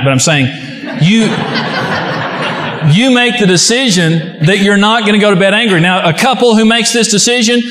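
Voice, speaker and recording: Guy preaching a sermon, folksy and joking, high voice, roomy echo. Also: a bit bright. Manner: folksy storytelling with humor. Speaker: pastor. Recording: echoey hall.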